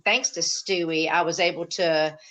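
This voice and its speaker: A woman hosting a casual online chat show, gossipy and quick to laugh. Her voice sits on the low side for a woman. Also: steady tone, sharp tone. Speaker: host.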